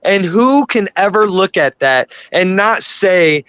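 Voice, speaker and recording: Brief: fired-up man cursing through a casual chat, slightly high voice, dead-dry room. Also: lively intonation, takes it slowly, a bit bright, clear, resonant tone, no room sound. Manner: profane, worked-up ranting. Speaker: podcast host. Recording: dry, dull lo-fi sound.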